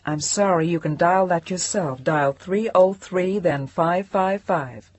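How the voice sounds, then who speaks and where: A woman's voice: lowish voice, slow pace, darkish tone. A woman narrator voicing a formal, businesslike female telephone operator.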